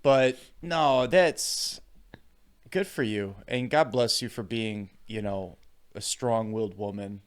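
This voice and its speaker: A man hosting a podcast, chatting casually with quick interjections and frequent laughter. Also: on the low side, clear, resonant tone. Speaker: podcast host. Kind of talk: casual conversation.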